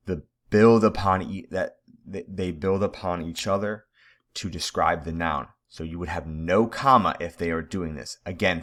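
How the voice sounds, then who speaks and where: A man's voice: low voice, a bit bright. A man teaching a recorded grammar lesson over slides, talking straight to his students in a casual way and joking about his own typos.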